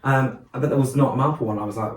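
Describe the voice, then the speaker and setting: A man's voice: mid-range voice, steady tone, fast talker. Chatty joking man, roomy distant sound. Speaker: podcast co-host and event host. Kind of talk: casual chat. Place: small podcast studio.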